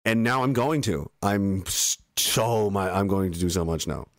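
A man's voice: low-pitched, animated, normal speed, dry recording. A young man, reading chat messages on a livestream and ranting in an angry, sarcastic, heavily profane way into a close mic. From Canada.

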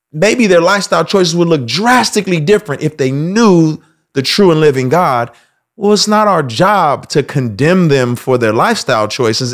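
Male host, casual monologue, animated, swings his pitch widely, breaks into loud acted-out quotes. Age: adult. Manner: animated, acts out quoted voices with loud outbursts.

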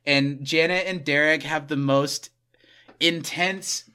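Bright-voiced man recapping a TV episode. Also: a little high, fairly even intonation, slow, smooth. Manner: enthusiastic episode recapper, acts out scenes. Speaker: podcast host. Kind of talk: casual podcast chat.

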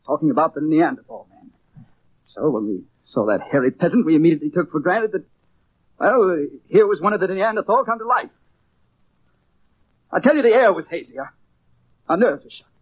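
Skeptical American, American accent, high lively pitch, husky, lo-fi old radio. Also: male voice, moderate pace, long pauses. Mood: dismissive. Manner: agitated, insistent, disbelieving. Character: skeptical, excitable American man searching for a friend. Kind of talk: 1940s radio acting. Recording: dull lo-fi old radio recording.

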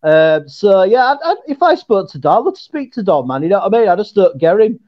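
A man's voice: sits high, very animated, brisk. Laughing middle-aged Yorkshireman on a lo-fi call. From Yorkshire, England. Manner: laughing, swearing, rambling banter. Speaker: guest. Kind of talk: casual chat. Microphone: remote call. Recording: lo-fi internet call.

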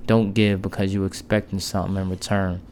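A man's voice: sits low, flat delivery, brisk, a little mellow, slight background noise. A man giving an informal devotional talk, conversational and repeating his key words with casual asides. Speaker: podcast preacher.

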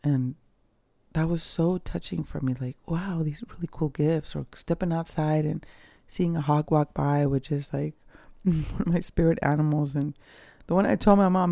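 A podcast host talking casually and candidly about personal experience, swearing freely and pausing often. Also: medium pitch, gravelly, mellow, no echo, studio quality. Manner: slow, pausing delivery with fillers. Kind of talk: reflective personal talk.

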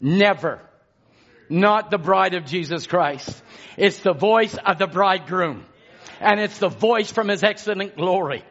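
A man preaches a sermon in a high voice, taking his time with each phrase. His delivery swells with passion and then drops back down. The recording sounds dull and lo-fi. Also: a little slow, fairly bright tone. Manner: impassioned preaching, rising and falling in intensity.

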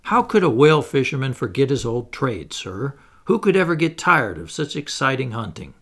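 A brash Canadian harpooner, loud and blustering, his voice gravelly and swinging up and down, as a man puts him on for an audiobook. A grown seaman who gets worked up fast and argues hard. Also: medium pitch, sing-song.

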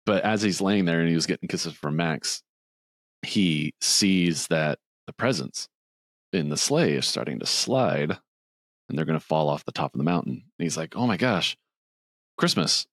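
A man co-hosting a podcast, casually retelling a film plot in a rambling, animated way, often quoting lines. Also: low voice, normal speed, no echo, clean studio sound. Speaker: podcast co-host.

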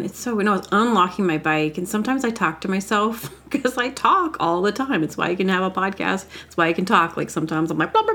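Woman podcast host, solo comic ramble, mid-pitched, self-interrupting. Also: a bit bright. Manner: chatty, self-interrupting, trails off mid-thought. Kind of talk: rambling comedic monologue.

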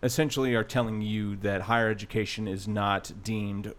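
A man's voice: on the low side, level tone, moderate pace. A man co-hosting a podcast, giving his opinions bluntly in casual chat. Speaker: podcast co-host.

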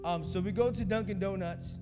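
A young man preaches with loose, energetic storytelling, his voice sitting a bit high for a man. His words ring out through a reverberant hall while music plays beneath him. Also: a little fast. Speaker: youth preacher. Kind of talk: sermon. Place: church service in a hall. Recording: echoey hall with music behind.

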